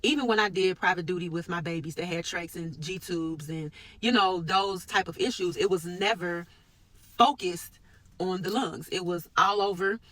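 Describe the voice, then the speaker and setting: A woman's voice: normal speed, a bit bright, no room sound, rough recording. Earnest woman vlogging in a dry room. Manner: earnest, conversational, with sudden lifts in pitch and force. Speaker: medical worker sharing a personal reflection. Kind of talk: personal faith vlog.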